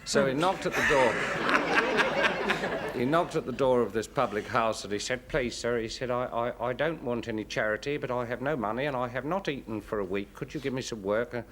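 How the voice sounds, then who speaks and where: A man's voice: medium pitch, brisk, background noise. A man, a comedian, telling a story in a hesitant, fussy way. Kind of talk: comic storytelling.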